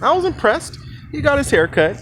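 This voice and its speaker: A man's voice: very high voice, sing-song, normal speed, fairly bright tone. A man casually telling a story, rambling with fillers and asides. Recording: noisy background.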